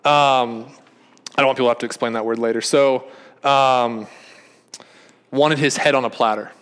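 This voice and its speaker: Earnest pastor preaching. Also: male voice, mid-range voice, fairly even intonation, moderate pace, smooth. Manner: earnest, repeats and restarts phrases, rises to emphatic peaks then drops quiet. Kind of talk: sermon.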